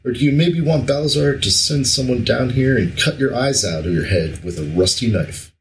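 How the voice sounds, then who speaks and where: A man's voice: medium pitch, normal speed, far from the mic, lightly acted, poor audio. A man voicing a tough, steely young man who speaks in blunt threats, in his own reading voice. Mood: threatening.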